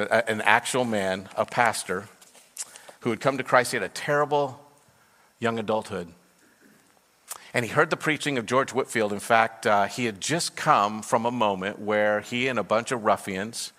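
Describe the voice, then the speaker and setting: A man's voice: mid-range voice, sharp tone. A man preaching as a pastor, telling a story earnestly and then leading a fervent prayer in a church. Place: church sanctuary. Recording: long hall reverb.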